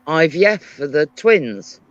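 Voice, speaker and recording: A British woman chatting casually on a live stream, telling animated stories. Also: low-pitched, measured pace, dry recording. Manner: animated storyteller, lively voice. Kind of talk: casual chat. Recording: dry, dull lo-fi stream audio.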